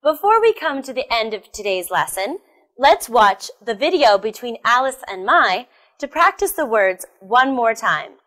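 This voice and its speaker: Slow, lively woman teacher. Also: fairly high pitch. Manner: slow, careful classroom enunciation. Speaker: English teacher. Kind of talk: recorded pronunciation lesson. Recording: soft music behind.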